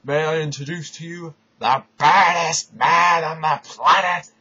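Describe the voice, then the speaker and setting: A man putting on the voice of a booming, grandiose male wrestling announcer in a dull lo-fi recording. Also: steady tone, a little slow, bright, forceful tone, slightly rough, full character voice.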